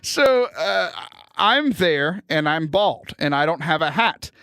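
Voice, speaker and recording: Lively high-voiced man telling stories. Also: slow, smooth, no room sound, studio quality. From Houston, Texas. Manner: animated storytelling, laughs often. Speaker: podcast host. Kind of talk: casual chat.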